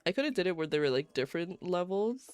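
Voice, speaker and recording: A woman's voice: fairly low pitch, sing-song, fast talker, smooth, no room sound. A woman streamer giving casual, giggly commentary on a life-simulation game while she plays live. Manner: chatty, giggly, reacts to gameplay. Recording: faint game music behind.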